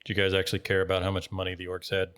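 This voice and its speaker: A man running a tabletop game as game master, describing things casually with filler pauses. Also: sits low, monotone, fairly bright tone, slight background noise.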